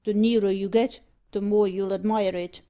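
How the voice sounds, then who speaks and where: A woman's voice: mid-range voice, steady tone, moderate pace, dull audio, close to an everyday voice. A woman reading aloud, voicing a mocking street porter who jeers at passers-by. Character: jeering London street porter man.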